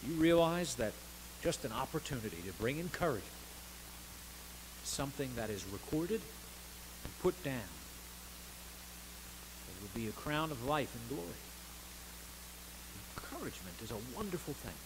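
A man preaching a sermon as pastor of a church, earnest, rising to stressed words and dropping softly between them. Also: mid-range voice, big pitch swings, normal speed, pauses often, noisy background. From United States. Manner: earnest preaching with swells of emphasis and soft drops. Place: church sanctuary.

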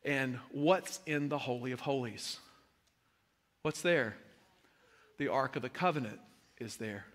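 A man preaching a sermon as a pastor, swinging from hushed tones to impassioned shouting. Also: medium pitch, measured pace. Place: large church hall. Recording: long hall reverb.

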